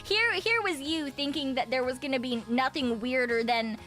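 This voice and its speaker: Giggly high-voiced woman streamer. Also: moderate pace, fairly bright tone, soft background music. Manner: giggly, laughs often between sentences; rambling, many fillers and self-corrections. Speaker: VTuber streamer. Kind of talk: casual chat stream.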